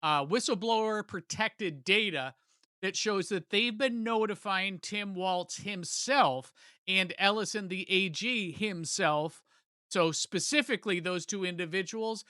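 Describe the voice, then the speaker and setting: A male host delivering opinionated political commentary in a high, bright voice. He speaks emphatically and presses his points with indignation. The sound is close and dry, with no room around it. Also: a little slow, clean tone, no echo.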